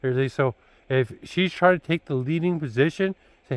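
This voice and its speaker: A man's voice: on the high side, brisk, no echo, low-quality recording. A man talking casually to his son about dating, blunt and preachy, looping back with filler words like "you know" and "dude". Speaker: father giving his son dating advice. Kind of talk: casual rambling vlog talk.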